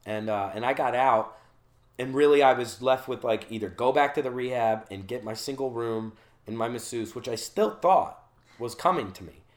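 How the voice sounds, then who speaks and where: Here the Charleston, South Carolina guest talks at medium pitch and a moderate pace. His long, casual rehab story is full of swearing, and he mimics the voices of the people he quotes.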